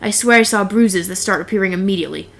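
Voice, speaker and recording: A woman's voice: mid-range voice, quick pace, creaky, fairly bright tone. A young woman narrating a first-person horror story in a wry, blunt, casually profane way.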